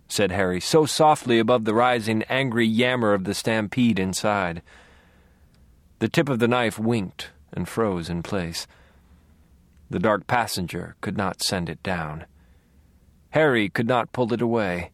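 A man narrating a dark first-person audiobook in a low, brooding, measured voice on a close studio mic. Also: dry recording.

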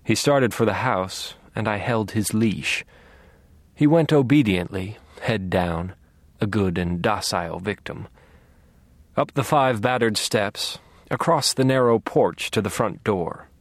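A man narrating a first-person audiobook in a quiet, measured, menacing way. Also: on the low side, dry recording.

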